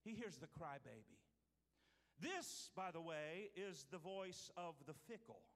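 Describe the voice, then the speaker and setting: A male pastor preaching a sermon, swinging from loud to hushed. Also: fairly high pitch, sing-song, unhurried, creaky. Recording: hall reverb.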